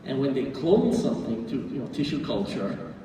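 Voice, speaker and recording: Man, club lecture, deliberate explaining, dark mellow tone, distant roomy hall with faint rumble. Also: very animated. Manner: unhurried, explanatory, with fillers and self-corrections. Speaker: orchid society speaker. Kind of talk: club presentation.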